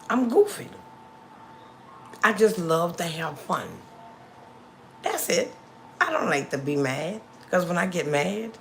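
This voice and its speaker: A woman's voice: on the low side, vocal fry, slight background noise. A middle-aged woman hosting a casual livestream, chatting to her viewers and repeating lines for emphasis, recorded on a phone. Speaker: livestream host.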